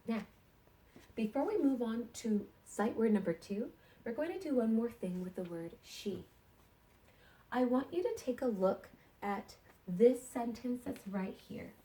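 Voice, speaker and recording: A woman teaching sight words to young kindergarten children in a slow, encouraging sing-song way. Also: fairly high pitch, expressive, warm tone.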